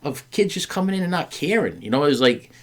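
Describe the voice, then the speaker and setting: A man's voice: a little high, very animated, fast talker. A middle-aged man hosting a podcast, telling a story to his wife in a candid chat, stumbling over and repeating words with many fillers and acting out the people he quotes. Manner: earnest, acts out quoted voices. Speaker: podcast host.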